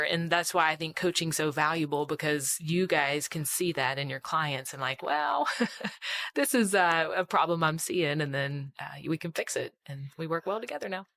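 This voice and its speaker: A woman guest on a business podcast, talking briskly and practically in casual chat and laughing often. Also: low-pitched, a bit bright.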